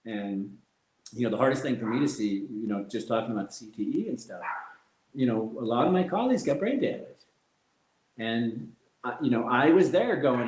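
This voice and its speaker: A man's voice: mid-range voice, brisk. Middle-aged man, former fighter, interview guest, mid-range voice, candid storytelling, laughs often, echoey room. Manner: reflective, animated anecdotes punctuated by laughs.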